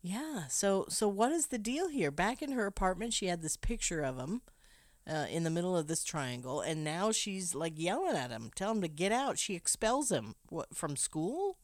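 A woman's voice: lowish voice, very animated, moderate pace, no room sound, clean studio sound. A woman recapping a film plot for a podcast, telling the story with joking asides. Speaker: podcast co-host. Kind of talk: movie plot recap and casual chat.

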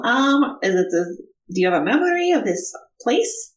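A woman playing a bard at a tabletop game, talking high with a lot of swing in her voice. She hesitates often, and the room rings around her. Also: sing-song, moderate pace, roomy sound. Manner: hesitant, full of ums. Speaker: player.

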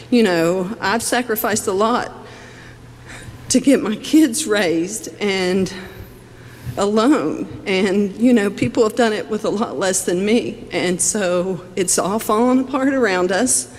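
A woman speaks at a public hearing, earnest and a little halting. She quotes scripture, and her voice carries a long echo from the hearing room. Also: mid-range voice. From West Virginia. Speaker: public commenter at a legislative hearing. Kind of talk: public testimony.

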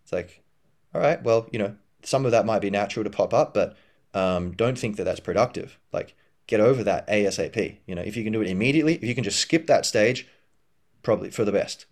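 A man hosting a podcast, talking through ideas in a casual reflective monologue, rambling with many fillers and restarts, and acting out inner voices in a higher pitch. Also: quick pace. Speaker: podcast host.

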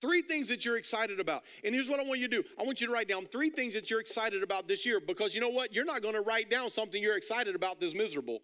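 A man's voice: high-pitched, fast, few pauses, bright, forceful tone. A male pastor preaching a sermon, urging the congregation on with repeated calls to write things down. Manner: urgent, repetitive exhortation with call-and-response.

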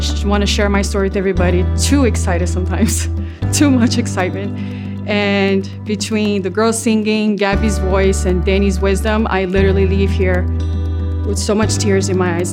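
Earnest woman over soft guitar. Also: medium pitch, fairly even intonation. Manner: earnest, heartfelt, slightly halting. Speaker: congregation member giving a testimony. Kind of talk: spoken testimony. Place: church. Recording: soft guitar playing behind her.

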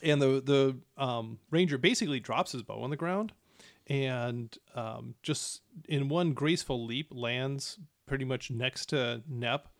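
A man's voice: mid-range voice, a little slow, no room sound. A man narrating as game master for a tabletop game, hesitant with many fillers and restarts.

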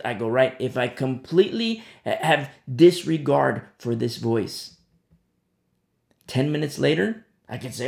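Male preacher, gravelly, chatty storyteller, recorded in a reverberant room. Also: medium pitch, expressive, normal speed, darkish tone. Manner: conversational storytelling with frequent "you know". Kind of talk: sermon.

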